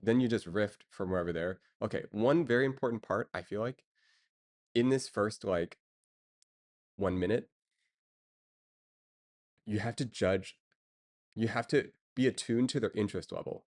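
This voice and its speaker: A man chats casually on a stream in a slightly low voice. He rambles with many fillers and breaks into chuckles now and then. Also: moderate pace, pauses often, darkish tone. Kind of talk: casual chat.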